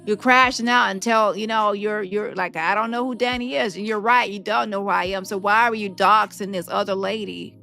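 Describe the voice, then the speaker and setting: Bright, taunting woman livestream host. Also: mid-range voice, steady tone, normal speed, vocal fry, hardly any pauses, faint music behind. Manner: taunting, confrontational, addresses viewers directly. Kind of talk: heated reaction commentary.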